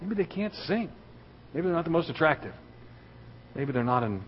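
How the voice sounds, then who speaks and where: A man giving a sermon as a guest speaker in a church, telling a story and building to loud, excited preaching. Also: a little high, normal speed, a little hiss or hum. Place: church sanctuary. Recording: dull recording in a reverberant hall.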